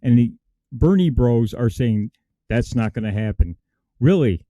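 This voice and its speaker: A man's voice: mid-range voice, animated, unhurried, mellow, dry recording. A man, co-hosting a casual political talk show in an emphatic, indignant way.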